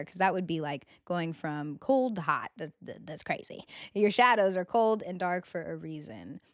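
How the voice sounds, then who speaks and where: A woman's voice: fairly low pitch, dry recording, studio quality. A young woman hosting a spiritual self-help podcast, talking in a heartfelt, emotional way about inner healing. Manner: heartfelt, gets emotional and laughs through tears. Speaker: podcast host.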